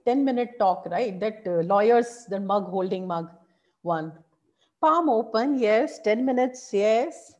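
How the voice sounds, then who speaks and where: A woman teaching public speaking in an online workshop, animated and encouraging, asking her audience questions. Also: fairly high pitch.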